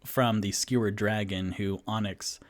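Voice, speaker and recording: A man's voice: on the low side, fairly even intonation, a little slow. A man narrating a solo tabletop game as game master, casual and rambling, with many fillers.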